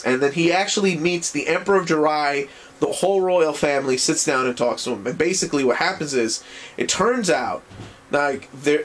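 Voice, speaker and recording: A man recapping an anime series in a casual video review, rambling and excitable and swearing freely. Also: mid-range voice, a little hiss or hum.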